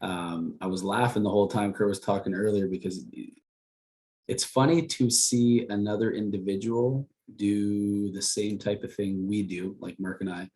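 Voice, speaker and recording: Podcast co-host: man, low voice, jokey and enthusiastic. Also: fairly even intonation, normal speed, a little mellow. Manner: jokey, enthusiastic, asks questions. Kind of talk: casual podcast conversation.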